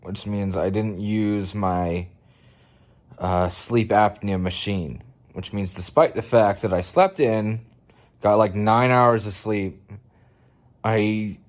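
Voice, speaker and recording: Slow-talking tired man vlogging. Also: lowish voice. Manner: relaxed, rambling, unhurried. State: tired, low energy. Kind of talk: casual vlog talk.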